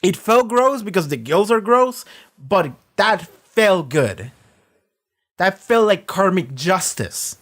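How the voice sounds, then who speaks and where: A man's voice: high-pitched, very animated, slow, a bit bright. A man hosting a reaction video, retelling scenes in a loose, profane way full of fillers. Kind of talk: casual reaction commentary.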